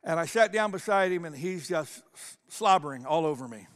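Man, pastor, conversational sermon storytelling, animated, reverberant hall. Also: a little high, a little fast. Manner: animated, conversational, with repeated restarts.

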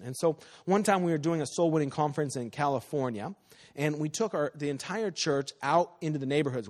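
A man's voice: a little high, a little mellow. A man preaching a sermon in a church, telling personal stories and acting out the people he quotes in a conversational way. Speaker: pastor. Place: church sanctuary. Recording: long hall reverb.

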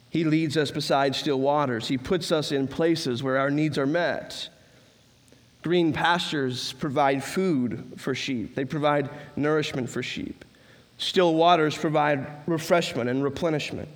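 A man delivering a Sunday sermon with a slightly raised pitch, pressing each point through earnest, stacked phrases. His voice rings out with a long reverb that hangs in a church sanctuary. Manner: earnest, builds emphatic lists with rising stress. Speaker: pastor.

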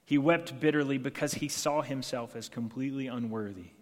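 A man's voice: mid-range voice, fairly quick. Pastor guy preaching, earnest, long echo of a big church around him. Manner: earnest, acts out dialogue in scripture passages. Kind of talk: sermon. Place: church sanctuary.

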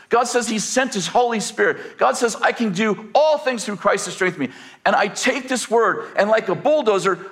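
A man's voice: high voice, fairly bright tone. A man preaching a sermon as pastor, asking the congregation rhetorical questions and acting out quoted voices.

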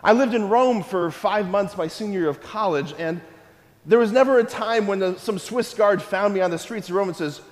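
Animated priest with a high voice. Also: male voice, fairly quick. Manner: animated and playful, full of rhetorical questions. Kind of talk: sermon-style talk to a live audience. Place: hall with a live audience. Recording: long reverb of a hall.

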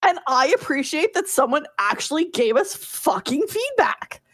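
Higher-voiced woman co-host, playful ribbing, very animated delivery. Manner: teasing, quick comebacks. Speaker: podcast co-host. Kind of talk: casual gaming podcast chat.

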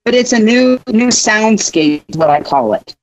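A woman co-hosting a radio chat, telling stories in an animated way and acting out the quotes. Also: medium pitch, normal speed. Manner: animated storyteller, acts out quotes. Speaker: show regular, co-host. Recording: dry, dull line.

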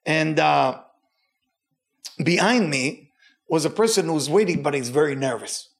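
Animated man teaching a Torah lesson. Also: unhurried, vocal fry. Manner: animated, with big pitch swings and emphatic repetition; speaks with a noticeable non-native accent.

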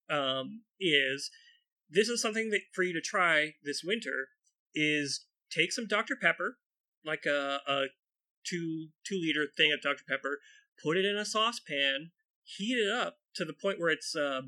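A man's voice: a little high, pushed and bright. A man in casual conversation, easygoing and agreeable, talking with restarts. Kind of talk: casual chat.

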